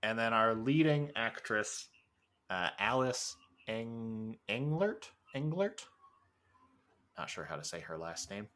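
Un hombre que copresenta un pódcast en una charla informal; divaga, se ríe y suelta palabrotas. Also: male voice, lowish voice, measured pace, pushed and bright. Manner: rambling, laughing, swears freely. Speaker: podcast co-host. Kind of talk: casual chat.

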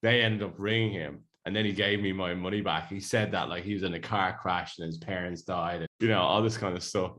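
A chatty Irish man with a very low voice co-hosts a relaxed radio chat. He tells long stories and laughs easily. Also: a little fast, few pauses. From Ireland. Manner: chatty storyteller, laughs often.

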